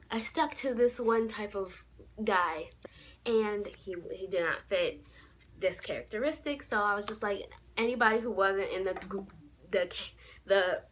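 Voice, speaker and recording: A young woman tells a story straight to her viewers, sassy and animated. Her voice sits at an ordinary middle pitch, with a faint hum of room ambience behind her. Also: low-quality recording. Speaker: vlogger. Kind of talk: casual story time.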